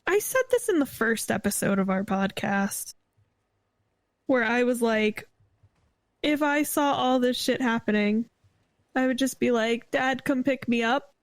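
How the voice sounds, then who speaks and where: A woman's voice: on the high side, expressive, measured pace, pauses often, no echo. A young woman co-hosting a casual podcast, sarcastic and swearing freely. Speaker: podcast co-host. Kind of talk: casual chat.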